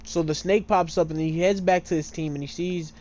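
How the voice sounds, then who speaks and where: A man's voice: fairly high pitch, steady tone, a little fast, a little mellow, a little hiss or hum. A man casually retelling a story while playing a game, full of fillers, often tripping over names and correcting himself. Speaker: gamer retelling a fan story.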